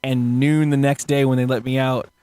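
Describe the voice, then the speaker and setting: A man's voice: medium pitch, normal speed, clear, resonant tone, no echo. A young man telling stories in casual podcast chat, swearing often and acting out other people's voices. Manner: animated storyteller, swears often, acts out voices.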